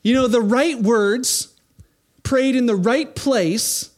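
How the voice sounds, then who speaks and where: A man giving a sermon as a pastor, animated, acting out the voices of people he quotes. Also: extremely high pitch, takes it slowly.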